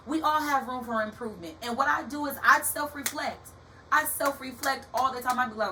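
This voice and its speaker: A young woman hosting a motivational podcast in a casual, animated way, calling her listeners baby and y'all, like a preacher. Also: sits high, a little fast. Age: young adult. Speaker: podcast host. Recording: distant from the mic with faint background hiss.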